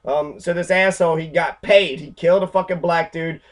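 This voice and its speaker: A man's voice: on the high side, steady tone, normal speed. A man talking in an angry, profane, rambling way, full of fillers and restarts, while pointing out pictures. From Louisville, Kentucky. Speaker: activist lecturer.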